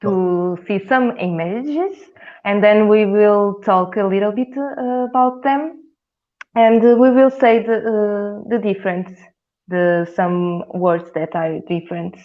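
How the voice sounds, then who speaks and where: Slow woman on a tinny call. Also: medium pitch. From Italy. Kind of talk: casual chat in English. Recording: tinny phone-like call audio.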